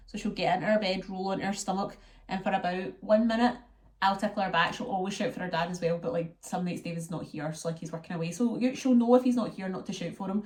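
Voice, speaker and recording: A woman's voice: mid-range voice, fast, a little mellow. A young Scottish woman vlogging in casual, rambling chat to her viewers, using local slang.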